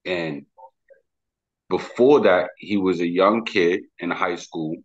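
A Bronx rapper with a New York accent talks through an interview in a loose, slangy, emphatic ramble. His voice sits low and husky. The sound is dull and lo-fi. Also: slow pace. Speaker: rapper guest. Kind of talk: casual interview talk.

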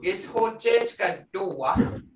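A woman's voice: medium pitch, expressive, very slow, far from the mic, a little hiss or hum. A woman teaching a language class, explaining patiently and repeating words with frequent checks of "okay?". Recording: roomy, off-mic classroom sound.

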